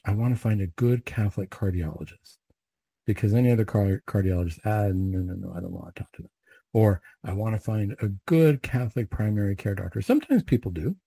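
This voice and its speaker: Low, dark-voiced man leading prayers. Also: animated, a little fast, gravelly, breathy edge, no room sound. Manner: reflective, conversational, with fillers. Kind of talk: prayers then casual homily.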